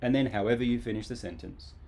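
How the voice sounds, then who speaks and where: A man's voice: medium pitch, fast, gravelly. Playful man teaching a live English class. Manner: casual, playful, lively. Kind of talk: live online grammar lesson.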